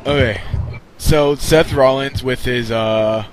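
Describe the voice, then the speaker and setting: A laid-back man hosts a casual podcast chat, his voice sitting at an ordinary middle pitch. He curses freely and talks loosely, with a faint hiss in the background. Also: slow pace, poor audio. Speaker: podcast host.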